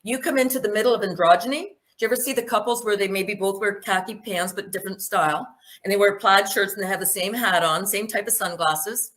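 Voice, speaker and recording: A woman's voice: medium pitch, quick pace, few pauses, a bit bright. A woman giving a spoken presentation, emphatic and full of rhetorical questions.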